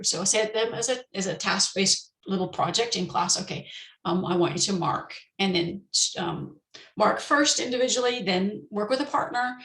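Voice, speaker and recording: Woman presenting with a gravelly voice. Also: medium pitch, roomy sound, poor audio. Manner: relaxed, explanatory, many ums and restarts. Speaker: teacher presenting at a conference. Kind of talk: conference talk on teaching pronunciation. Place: indoors, online session.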